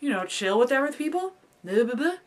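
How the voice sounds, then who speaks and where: A woman's voice: on the high side, sing-song, a little fast. A young woman in a casual confessional vlog, rambling and overthinking with lots of fillers like "like". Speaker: vlogger.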